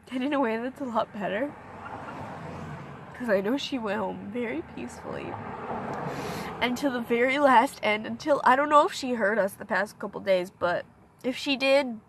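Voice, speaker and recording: A young woman talking to her own camera in a personal vlog, grieving, soft-spoken and halting, her sentences often trailing off. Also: a little high, creaky, a little hiss or hum. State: grieving, emotional. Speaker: vlogger. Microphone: self-filmed on camera.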